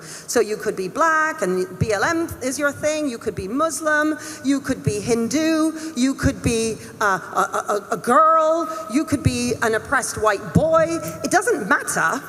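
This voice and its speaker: A woman's voice: a little high, a bit bright. A middle-aged woman, a head teacher, giving an emphatic, earnest speech to a summit audience in a conference hall. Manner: emphatic, earnest, with laughs and restarts. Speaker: head teacher speaking on a panel. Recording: long echo of a large hall.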